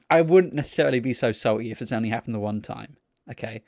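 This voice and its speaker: A man's voice: mid-range voice, fast, no room sound, studio quality. Sweary young man telling a story. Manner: sweary, animated storyteller mimicking people. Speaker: podcast co-host. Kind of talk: casual storytelling chat.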